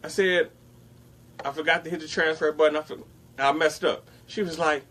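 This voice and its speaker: A man's voice: on the high side, moderate pace. A young man casually telling a story on a talk show and acting out what other people said. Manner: animated retelling, acts out others' lines. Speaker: podcast co-host.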